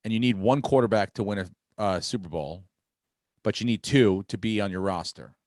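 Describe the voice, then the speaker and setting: A middle-aged man chatting casually on a podcast, telling stories in an animated and profane way. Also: on the low side, brisk, no echo. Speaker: podcast host. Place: home on Long Island, New York.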